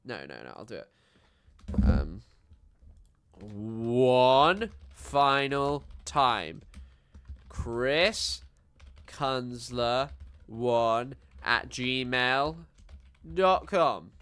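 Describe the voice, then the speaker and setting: Brief: man, livestream reaction host, sarcastic and ranting, clean smooth voice. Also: medium pitch, lively intonation, drawn-out words, long pauses, a bit bright. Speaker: streamer.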